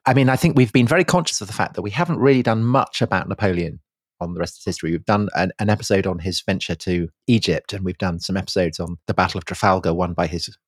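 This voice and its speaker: A man co-hosting a history podcast in casual chat, with dry, deadpan humour. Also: deep voice, fast, husky, no echo. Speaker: podcast co-host.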